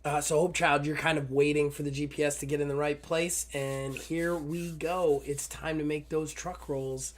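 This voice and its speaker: A man's voice: on the high side, little pitch movement, normal speed, hardly any pauses. Rambling man running a tabletop game. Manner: loose, rambling with fillers and swearing. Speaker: game master.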